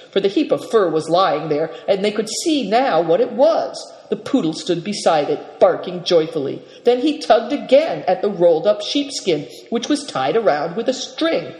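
A storyteller reading a children's novel aloud in a steady, expressive way. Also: mid-range voice, normal speed, few pauses. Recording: echoey room with long reverb.

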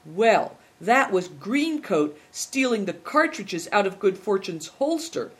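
A reader voicing an excitable, curious young boy who exclaims eagerly, in a storybook reading. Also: medium pitch, slow. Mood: explaining.

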